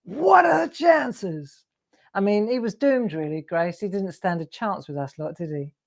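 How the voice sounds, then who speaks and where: A woman's voice: fairly low pitch, lively intonation, normal speed, a little mellow. An English woman hosting a live crafting show, telling rambling anecdotes and laughing often. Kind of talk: chatty storytelling while crafting.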